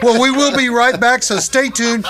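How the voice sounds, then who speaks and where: A man's voice: extremely high pitch, fairly even intonation, normal speed. A man hosting a podcast in casual chat, encouraging and upbeat. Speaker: podcast host.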